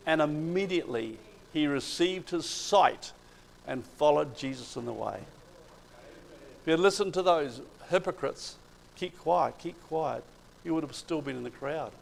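A man preaching a sermon, retelling Bible stories with animated emphasis and swings in loudness. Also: on the high side, moderate pace, vocal fry, slight background noise, poor audio.

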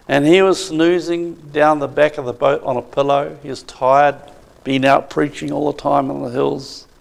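A man's voice: on the high side, flat delivery, normal speed, creaky. A man preaching a sermon with emphasis, asking the congregation questions.

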